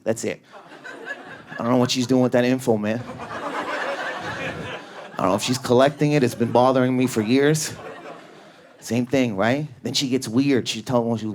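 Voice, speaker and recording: A man from Canada doing a stand-up comedy set on a club stage, high-energy and neurotic, often shouting and acting out voices. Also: normal speed, long pauses. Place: comedy club stage before a live audience. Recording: live club recording with crowd laughter. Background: audience laughter.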